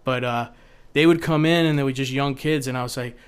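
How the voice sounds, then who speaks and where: A man's voice: mid-range voice, a little fast, clean tone. Rambling male storyteller acting out quotes. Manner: rambling, animated storyteller who acts out quotes. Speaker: TV producer guest. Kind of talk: casual podcast storytelling.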